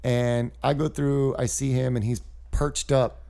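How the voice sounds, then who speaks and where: Male comic guest, mid-pitched, rambling animated anecdotes with impressions. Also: a little slow, creaky, clean tone. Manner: animated storyteller doing voices and sound effects. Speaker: guest comedian. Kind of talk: casual storytelling chat.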